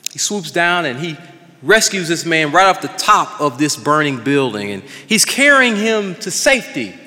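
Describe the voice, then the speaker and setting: A male pastor preaching an impassioned sermon, swinging between loud declarations and hushed passages. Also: fairly high pitch, sing-song, normal speed, in a large hall.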